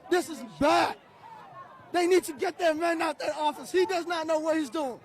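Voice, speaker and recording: Angry high-voiced male protester shouting. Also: steady tone, moderate pace. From outside the United States. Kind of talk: impassioned street interview. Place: outdoor city street protest. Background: crowd.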